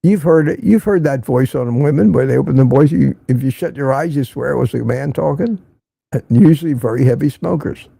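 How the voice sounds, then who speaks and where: A man's voice: mid-range voice, brisk, creaky, mellow, husky, no room sound. An older man hosting a casual livestream, reading viewer comments and giving blunt, opinionated remarks that he often repeats for emphasis. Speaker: livestream host.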